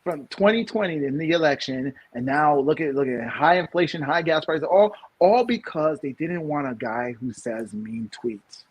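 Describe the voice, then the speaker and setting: A man's voice: on the high side, lively intonation, moderate pace, hardly any pauses, slightly rough. A man in his thirties from New York, co-hosting a casual podcast and rambling through opinions with many restarts and emphatic bursts. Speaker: podcast co-host.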